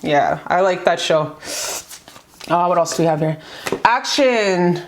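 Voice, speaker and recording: A woman's voice: lowish voice, expressive, unhurried, echoey room, slight background noise. A woman giving a casual pick-a-card tarot reading, gushing and profane.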